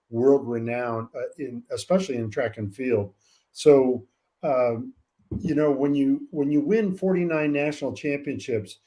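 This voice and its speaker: An older man with a warm, mellow voice speaks slowly and reflectively, often pausing to gather his thoughts. He is from California and sounds like a veteran coach chatting as a guest. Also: medium pitch. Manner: measured and reflective, many "uh" pauses. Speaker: college track coach, guest. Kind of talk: casual interview talk.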